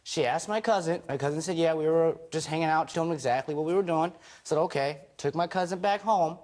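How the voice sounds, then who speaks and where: A man's voice: on the high side, quick pace, darkish tone. A man giving testimony in a TV courtroom, retelling a fight at length and acting out the lines he quotes. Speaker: husband in a TV court case.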